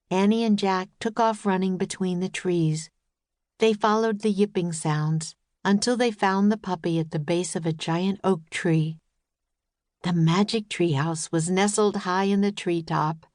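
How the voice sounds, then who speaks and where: A woman narrating a children's audiobook in a gentle, even storytelling manner, close to a studio mic. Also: on the low side, unhurried, no echo.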